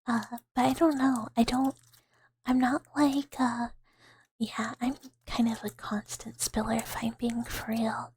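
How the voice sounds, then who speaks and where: A woman hosting a whispered ASMR livestream, giggly and playful, repeating words as triggers in a breathy whisper close to the mic. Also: on the high side, flat delivery, a little slow, a little mellow. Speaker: ASMR streamer.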